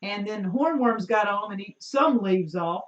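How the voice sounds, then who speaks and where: A woman's voice: medium pitch, animated, normal speed. A woman co-hosting a homestead live stream, teasingly reading out viewer comments. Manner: giggly, teasing, relays chat comments. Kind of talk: casual live-stream chat. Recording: distant, roomy, muffled sound.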